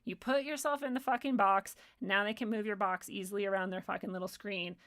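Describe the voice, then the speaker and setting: A woman's voice: medium pitch, steady tone, fairly quick, a bit bright. A woman hosts her own stream and speaks straight into it. Her voice sits in a middle register. She rants in a heated, confrontational way, swearing freely and pressing her point home. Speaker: stream host. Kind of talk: unscripted ranting monologue.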